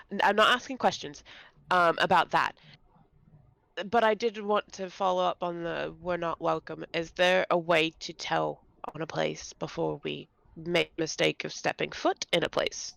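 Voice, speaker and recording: Woman player, hesitant questioner, deep gravelly voice, dry close sound. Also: fairly even intonation, a little slow, fairly bright tone, dry recording. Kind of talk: in-character tabletop play.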